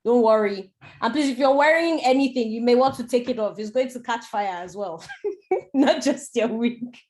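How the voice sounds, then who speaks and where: A woman hosting an online event over a video call, lively and coaxing. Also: a little high, moderate pace. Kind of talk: casual video call moderating.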